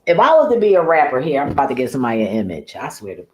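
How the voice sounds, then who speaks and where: A woman's voice: rumbling low, huge pitch swings, very fast, darkish tone. A woman vlogger ranting casually to camera in a blunt, profane way, often laughing at her own remarks. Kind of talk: casual rambling rant to camera.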